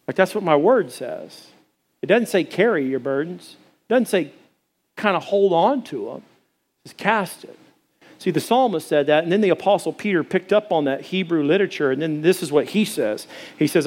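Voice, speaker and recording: Folksy preaching man, slightly high voice. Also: moderate pace. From Arkansas. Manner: folksy storytelling, conversational preaching. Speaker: pastor. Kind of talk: sermon.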